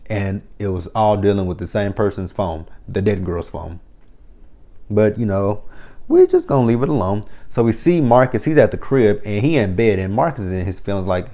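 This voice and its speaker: A man's voice: lowish voice, normal speed, mellow. A man giving a casual, sarcastic and profane recap of a TV episode, talking straight to his viewers. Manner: sarcastic, profane running commentary. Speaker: TV episode reviewer.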